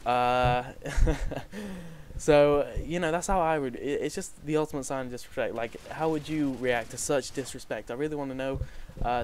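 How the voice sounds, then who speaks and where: A man's voice: a little high, darkish tone, a little hiss or hum. A young man vlogging, telling a personal story to camera in a rambling, casual way, swearing freely and often restarting his sentences. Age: young adult.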